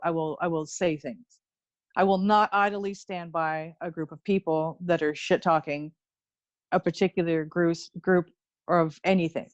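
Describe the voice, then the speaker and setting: A woman's voice: lowish voice, no echo, dull audio. Blunt, laughing Ontario woman on a podcast. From Ontario, Canada. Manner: blunt, profane, laughs often. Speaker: guest, intuitive medium and Reiki teacher. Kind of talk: casual podcast conversation.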